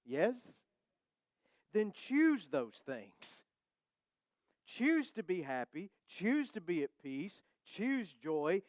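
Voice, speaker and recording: Clear-voiced man preaching a sermon. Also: high-pitched, dry recording. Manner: conversational, warm-humored preaching with slow emphatic phrases. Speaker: pastor. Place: church sanctuary.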